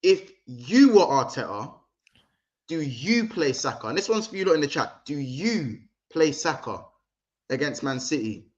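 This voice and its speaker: A man's voice: on the high side, big pitch swings, a little slow, highs cut off. A man hosting a casual football livestream, chatty and slangy, talking straight to his viewers. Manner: chatty, slangy, addresses the chat directly. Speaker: livestream host.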